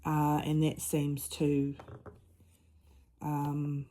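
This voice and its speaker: A middle-aged woman with a low, mellow voice shares a personal story in an unscripted vlog chat. She speaks earnestly, stops and restarts her sentences often, and keeps a relaxed, conversational flow. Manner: earnest, halting, with many restarts. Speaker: mother and diamond-painting vlogger.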